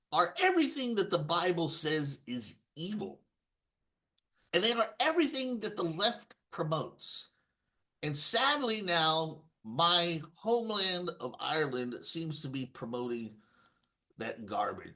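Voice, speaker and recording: A Texas-born man rants in a rambling, stream-of-consciousness monologue. His voice sits a little high for a man and swings widely up and down. He talks emphatically and keeps restarting his sentences. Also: fairly bright tone. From Texas, USA. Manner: ranting, emphatic, repeats and restarts words. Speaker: political commentator.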